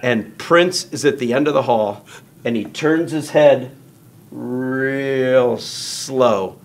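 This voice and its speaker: A man's voice: mid-range voice, slow. A man telling a long story in casual conversation, acting out quoted lines in raised voices. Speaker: guest storyteller.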